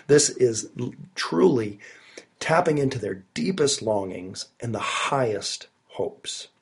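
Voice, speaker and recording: A man's voice: mid-range voice, expressive, slow, creaky, husky. A man preaching a sermon, recorded alone in his study while he has a cold, earnest and emphatic with rising stresses. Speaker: pastor.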